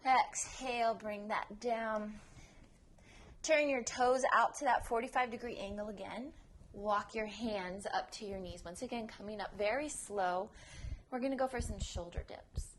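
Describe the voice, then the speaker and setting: A woman leads a prenatal yoga flow, talking students through each pose with steady breath cues. She counts down reps and keeps the encouragement coming. A faint hum of noise sits under her voice. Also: a little high. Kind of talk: guided yoga class instruction.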